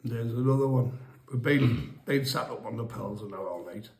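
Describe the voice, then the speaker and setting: A man's voice: mid-range voice, moderate pace, creaky, darkish tone. A man casually telling rambling, funny stories about his past, laughing and swearing as he goes. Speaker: storyteller guest. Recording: echoey room.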